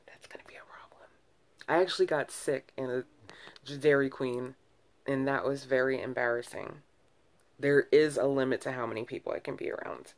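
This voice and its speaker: A woman's voice: very deep voice, fairly even intonation, moderate pace. Rambling candid woman vlogger. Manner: rambling, candid, frequent restarts and self-corrections; sighs between thoughts. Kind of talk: casual early-morning ramble to camera.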